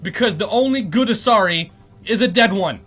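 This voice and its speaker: A man's voice: sits high, animated, normal speed, a bit bright. A man hosting a podcast, giving a comedic, profane recap of a game plot and laughing often. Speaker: podcast host.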